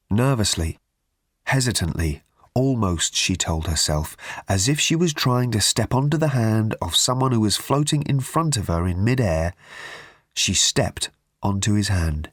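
A man narrating an audiobook in a measured, deliberate way with drawn-out pauses. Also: lowish voice, lively intonation, no room sound, studio quality. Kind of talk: scripted narration.

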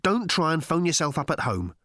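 A man's voice: on the high side, big pitch swings, brisk, bright, forceful tone, no echo, voice pushed up, heavily acted. A man voicing an offhand, unflappable male alien traveller in an audiobook, with a dry, curt, matter-of-fact delivery. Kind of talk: audiobook character voice.

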